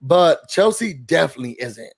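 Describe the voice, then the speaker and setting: Gravelly, husky man chatting animatedly. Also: fairly high pitch, normal speed. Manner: animated, acts out quotes of others. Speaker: podcast host. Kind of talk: casual chat.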